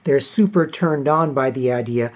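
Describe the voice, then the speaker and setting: A man's voice: medium pitch, normal speed. Rambling Canadian man, lo-fi audio. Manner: rambling, repetitive, frequent throat clearing. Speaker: video blogger. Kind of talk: casual monologue to camera.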